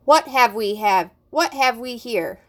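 A woman's voice: on the high side, expressive, a little slow. A woman voicing a smug male middle-school teacher who mocks a student in a theatrical, teasing way. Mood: mocking.

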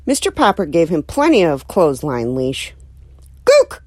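Brief: woman storyteller, very lively intonation, dry close sound, expressive audiobook narration. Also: sits low, normal speed, no echo. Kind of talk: audiobook reading of a children's novel.

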